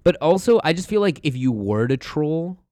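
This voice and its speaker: A man's voice: on the high side, very animated, moderate pace, dark tone, dry recording. A young man co-hosting a casual podcast from a small studio, talking in a profane, drowsy, rambling way. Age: young adult. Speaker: podcast co-host. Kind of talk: casual chat. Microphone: studio mic at a mixer.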